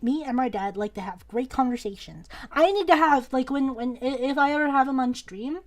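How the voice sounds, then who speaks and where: Streaming from home as she draws, a young woman with a high voice chats casually and rambles a little fast. She laughs often and repeats words.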